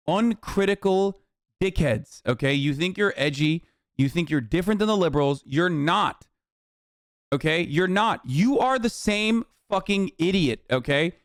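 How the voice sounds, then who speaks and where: A man streaming a reaction, ranting with heavy profanity and tagging lines with "okay?", often building to shouted tirades. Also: high voice, no room sound, clean studio sound. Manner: profane, repetitive "okay?" tags; escalates into yelling tirades.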